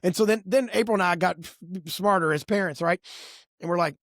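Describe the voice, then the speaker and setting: A middle-aged man co-hosting a podcast, telling stories in a lively, expressive way. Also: sits high, a little fast, no echo, clean studio sound. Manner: animated storyteller, lively and expressive. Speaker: podcast co-host. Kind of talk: casual podcast conversation.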